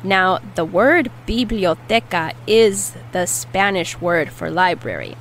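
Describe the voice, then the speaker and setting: Female language teacher, slow deliberate delivery, lowish voice, faint hum behind. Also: big pitch swings, rough recording. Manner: slow, careful repetition of words. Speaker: Spanish teacher. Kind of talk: language lesson.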